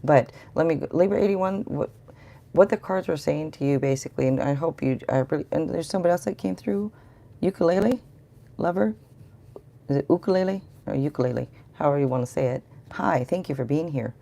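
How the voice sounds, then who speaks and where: Deep gravelly-voiced woman reading tarot. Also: a little fast, mellow. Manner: chatty, rambling, talks to viewers in chat. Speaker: tarot reader. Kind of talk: live-stream tarot reading.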